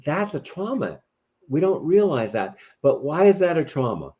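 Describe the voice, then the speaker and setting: Guy explaining stuff slowly in an interview, kinda muffled lo-fi sound. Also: medium pitch, lively intonation, mellow. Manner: thoughtful, explanatory, many restarts. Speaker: guest. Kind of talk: reflective interview talk. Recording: dull lo-fi audio.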